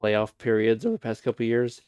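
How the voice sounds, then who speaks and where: A man's voice: mid-range voice, animated, fast, darkish tone, clean tone, no echo. A man co-hosting a casual sports chat, easygoing and opinionated. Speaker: podcast co-host.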